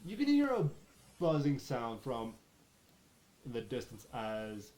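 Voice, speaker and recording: Slow, halting game master man. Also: medium pitch, wildly swooping pitch, darkish tone. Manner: halting, restarts phrases while narrating. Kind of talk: narrating a tabletop game.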